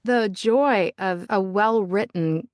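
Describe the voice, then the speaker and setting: A woman's voice: medium pitch, slow, darkish tone, no room sound, clean studio sound. A woman from the United States, an audiobook narrator and podcast guest, who talks in a thoughtful, vivid and playful way. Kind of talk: casual podcast interview.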